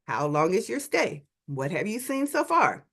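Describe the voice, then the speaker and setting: Here a friendly, chatty local man keeps firing off easy questions, as a woman quotes him in her own storytelling voice. He stays casual and conversational, with a lively rise and fall in the pitch. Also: unhurried, full character voice. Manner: chatty questions, then insistent repetition.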